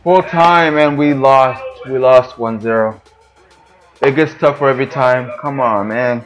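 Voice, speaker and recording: A young man runs his gaming channel and calls a football game live, full of excitement as he yells, groans at the plays, and complains a lot. His voice is medium in pitch and his delivery unhurried, with soft music playing in the background.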